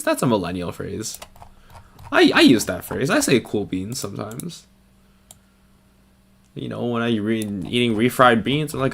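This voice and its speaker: A man's voice: medium pitch, sing-song, a little slow, creaky, long pauses, a bit bright, breathy edge. A young man chatting casually and joking at his own expense while he draws his own avatar. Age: young adult. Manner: goofy, self-mocking rambling. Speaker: vtuber artist. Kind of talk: casual drawing commentary.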